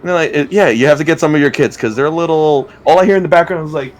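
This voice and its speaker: A man's voice: fairly high pitch, rapid-fire. A man in casual chat, telling a long, profane story and acting out the voices in it. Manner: animated, profane, acts out voices in his stories. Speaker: guest telling stories.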